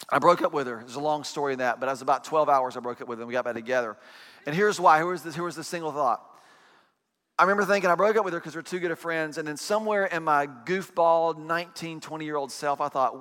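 A man's voice: fairly high pitch, quick pace, bright, forceful tone. Man preaching in a reverberant hall. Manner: chatty, self-deprecating storytelling. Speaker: pastor. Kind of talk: conversational sermon. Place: church sanctuary.

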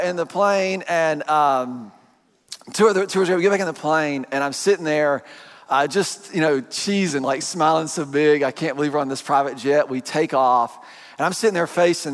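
A man preaching a sermon, telling a personal story in an animated, joking way to his congregation. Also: fairly high pitch. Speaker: pastor. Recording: long hall reverb.

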